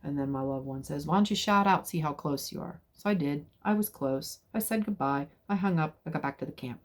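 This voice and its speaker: A middle-aged woman telling a personal story in a casual, animated way, sometimes dropping to a whisper for suspense. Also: low voice, fairly quick.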